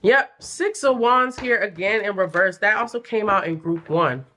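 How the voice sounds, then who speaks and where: A young adult woman giving a casual pick-a-card tarot reading, chatty and animated, with playful slang and frequent laughs. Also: mid-range voice, moderate pace, a little hiss or hum. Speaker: tarot reader.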